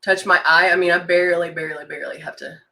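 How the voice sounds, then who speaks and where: Talking at a quick pace, this makeup consultant has a fairly low, creaky, sharp voice with a steady tone. During her live stream demo she chats casually and with enthusiasm, reading viewer comments aloud throughout.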